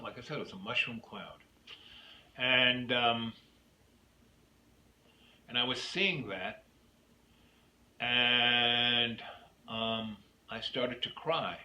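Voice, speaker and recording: Hosting his own YouTube video, a man with a medium-pitched, pushed, bright voice wanders through a personal story that keeps veering into his opinions. The room is echoey, with faint noise underneath.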